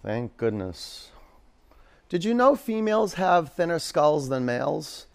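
A man's voice: a little high, sing-song, measured pace, vocal fry. A man teaching a live yoga class in a studio, giving pose cues and chatting with jokey asides to his students.

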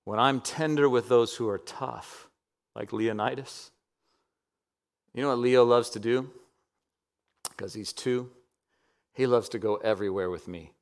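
Man, 30s, preacher, sermon, emphatic peaks, soft hushed passages, mid pitch. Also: unhurried, long pauses. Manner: dynamic preaching, swinging from loud emphatic peaks to soft near-whispers.

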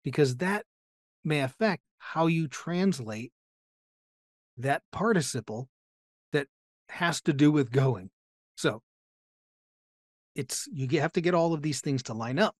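A man with a slightly raised pitch teaches a Bible passage, explaining it step by step. He keeps turning to his listeners with rhetorical questions. The sound is close and dry, with no room echo. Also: animated, slow pace, long pauses. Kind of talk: teaching sermon.

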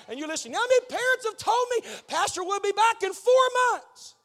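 Middle-aged male pastor, very high-pitched, fiery preacher who swings from shouting to near-whispers. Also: big pitch swings, fast talker, few pauses, big-room sound. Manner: shouting, swinging between loud preaching and hushed pleading. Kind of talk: fiery Pentecostal-style sermon.

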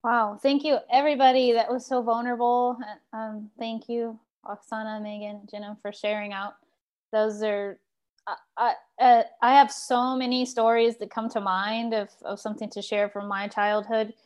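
A woman from Texas who leads a sharing circle, telling a personal story in a lively, animated way and laughing as she goes. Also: fairly high pitch, moderate pace. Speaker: group facilitator.

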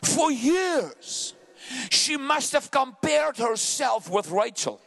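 High, lively-voiced shouting preacher man. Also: vocal fry. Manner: impassioned, frequently shouting; swings between rapid bursts and slow drawn-out phrases. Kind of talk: sermon.

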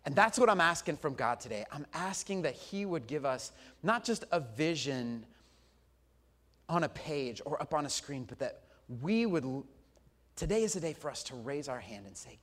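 Man, 40s, pastor giving a sermon; lively storyteller, slightly high voice. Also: normal speed. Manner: storytelling, animated, swings from loud to soft.

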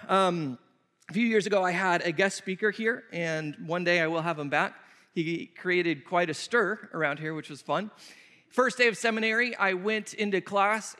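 A man's voice: high voice, a bit bright. A man preaching a conversational sermon, answering questions from the pulpit with emphatic, repeated phrases. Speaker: pastor. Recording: long reverb of a hall.

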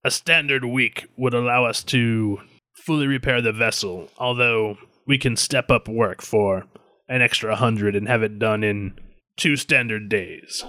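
A man voicing a hulking insect-like alien who leads a repair crew, calm and businesslike. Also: mid-range voice, measured pace, no room sound.

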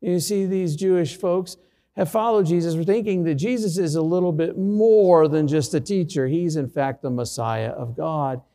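A man's voice: a little high, moderate pace, warm tone, big-room sound. A middle-aged man, a pastor, preaching a sermon through a personal story with self-deprecating humor.

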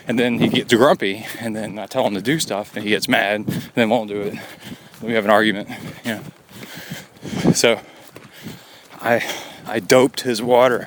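Middle-aged man rambling on a trail. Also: lowish voice. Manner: rambling storyteller, chuckling often. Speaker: podcast host. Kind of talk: casual on-the-go recording. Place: outdoors on a forest trail. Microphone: handheld recorder carried on a run. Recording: outdoor field recording with steady noise.

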